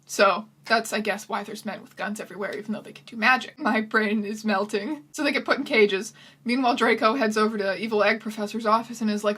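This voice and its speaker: A woman's voice: mid-range voice, steady tone, a little fast, fairly bright tone. A woman hosting comedic commentary, sarcastic and incredulous, close to the mic. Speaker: video host.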